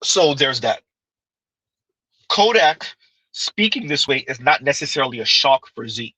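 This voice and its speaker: A man's voice: medium pitch, sing-song, unhurried, pushed and bright, slightly rough, no room sound, poor audio. A man giving casual livestream commentary, arguing his point with pointed rhetorical questions and reading chat comments aloud.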